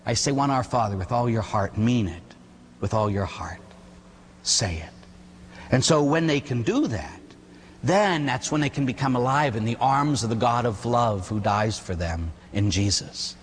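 A man who is a priest, giving an animated sermon and acting out quotes, often ending lines with "huh?". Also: mid-range voice, normal speed, slight background noise. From Pittsburgh area, USA. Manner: animated storytelling with acted quotes and "huh?" tags. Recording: long hall reverb.

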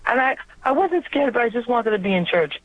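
New york lady calling in, high voice, earnest story, tinny dry phone line. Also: lively intonation, a little fast. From New York area. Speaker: radio caller. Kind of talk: personal faith testimony. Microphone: telephone.

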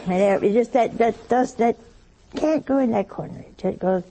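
A woman giving a sermon, mixing slow emphatic phrasing with humorous anecdotes. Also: fairly high pitch, mellow, a little hiss or hum. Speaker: religious speaker. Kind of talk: sermon with storytelling.

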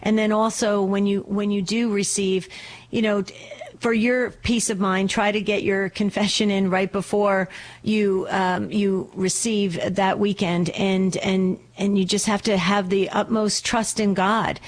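Gently reassuring woman radio host. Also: medium pitch, flat delivery, unhurried. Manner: gentle and reassuring, restarts her phrases. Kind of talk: call-in radio show chat.

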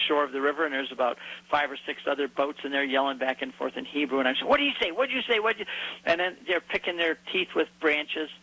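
A man with a bright, rather high voice who tells stories as a guest in a lively, animated way. His speech is quick to build a scene. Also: poor audio. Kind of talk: storytelling conversation.

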